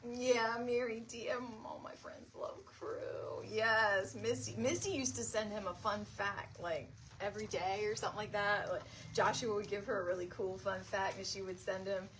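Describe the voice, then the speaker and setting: A woman's voice: normal speed, a little hiss or hum. A middle-aged woman hosting a casual live craft stream, chatting to viewers by name and laughing often. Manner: animated, jumps to high pitch when retelling stories. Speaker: craft livestream host.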